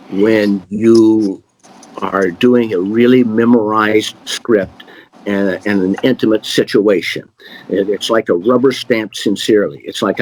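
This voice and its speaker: A middle-aged man, a magician, answering questions in a relaxed, rambling way with many fillers and restarts. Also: lowish voice, slight background noise, poor audio. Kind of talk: casual conversational Q&A.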